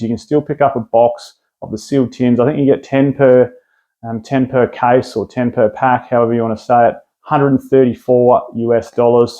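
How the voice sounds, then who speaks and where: An Australian man talks through his product picks in a casual, rambling way, often restarting his sentences. His voice is mellow and relaxed, pitched in a middle range for a man. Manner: rambling, enthusiastic, lots of restarts and fillers. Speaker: card collecting video host.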